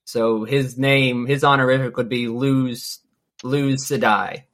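A man's voice: mid-range voice, steady tone, slow pace, fairly bright tone. A man hosting a casual book-discussion podcast, patiently explaining terms and backstory. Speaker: podcast host. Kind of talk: casual book-club chat.

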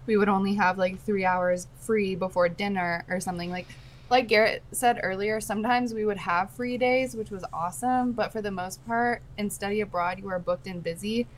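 A woman's voice: mid-range voice, steady tone, normal speed, a little hiss or hum, low-quality recording. A woman in her twenties co-hosting a podcast, chatting expressively, swearing casually and calling her friend "babes". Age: 20s. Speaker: podcast co-host. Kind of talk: casual chat.

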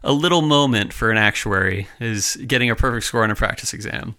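A young man co-hosting a podcast, chatting in a relaxed, rambling way with lots of fillers. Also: on the low side, a little fast. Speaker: podcast co-host. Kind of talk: casual chat.

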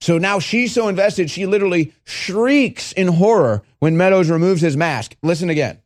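A male talk show host in a studio, mocking and animated, acting out the people he quotes. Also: high-pitched, normal speed, no echo. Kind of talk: heated political talk.

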